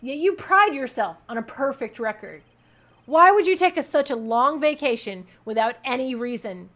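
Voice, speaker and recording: A woman's voice: sits high, animated, normal speed, a bit bright. A woman voicing an earnest young male defense attorney from a game, pressing his point. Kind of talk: reading game dialogue aloud.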